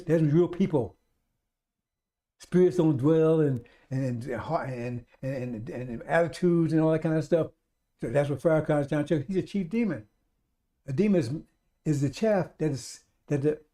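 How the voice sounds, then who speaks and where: A man's voice: on the high side, mellow. A man preaching on live radio, urging his listeners again and again and calling them brothers and sisters. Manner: urgent, repetitive exhortation. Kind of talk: sermon on a live radio stream.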